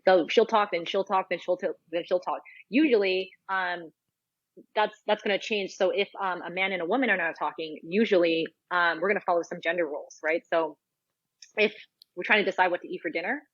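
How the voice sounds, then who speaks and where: A woman's voice: on the low side, brisk, no echo. A woman guest on a podcast, explaining her views confidently in a casual chat, with plenty of fillers and restarts. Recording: dull lo-fi sound, dry.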